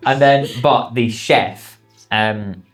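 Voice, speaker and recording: A man's voice: mid-range voice, takes it slowly, over music. A man running a tabletop game as game master, talking casually and hesitantly, with frequent ums and laughs. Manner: hesitant, lots of ums and restarts, laughs often.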